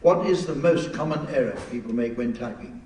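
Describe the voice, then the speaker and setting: A man chairing a live comedy panel, reading out questions in a dry, deadpan way and stumbling over the text. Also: mid-range voice, a little fast. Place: large theatre with live audience. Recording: echoey, distant theatre recording with noise.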